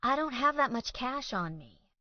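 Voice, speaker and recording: A woman's voice: sits high, expressive, moderate pace, no room sound, lo-fi sound, voice pushed up. A woman narrator voicing a young woman who is polite but irritated and sarcastic. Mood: exasperated. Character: exasperated young woman in soaked dress.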